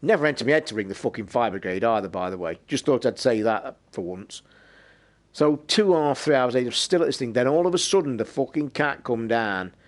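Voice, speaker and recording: A British man hosting a live stream, telling a rambling story in a casual, swear-filled way. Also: medium pitch. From United Kingdom. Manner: swears constantly, rambling and animated. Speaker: streamer and podcast host.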